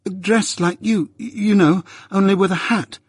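A man performs the voice of a shy, hesitant young boy, pitching it above his natural voice. The delivery is slightly high with lively intonation, a moderate pace, and a breathy edge, recorded at studio quality with no room sound.

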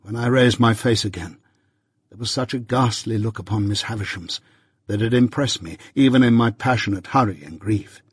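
A man giving a measured, earnest first-person reading of a novel, as an audiobook narrator. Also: lowish voice, breathy edge, no room sound, clean studio sound.

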